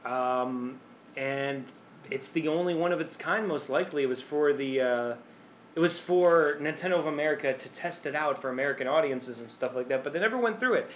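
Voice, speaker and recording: A man's voice: fairly high pitch, brisk, a little hiss or hum. A man co-hosting a casual video game podcast, rambling with fillers and laughing often. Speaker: podcast co-host. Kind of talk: casual chat.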